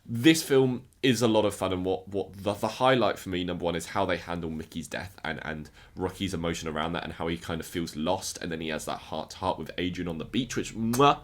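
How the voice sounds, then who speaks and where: A man's voice: low-pitched, fairly even intonation, brisk, hardly any pauses. A man casually ranking films in a review video, enthusiastic and often repeating words as he restarts his sentences. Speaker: film reviewer.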